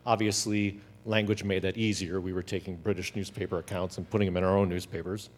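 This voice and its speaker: A man telling a story as a talk, animated and acting out the quotes. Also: deep voice, fast. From United States. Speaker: speaker. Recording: long hall reverb.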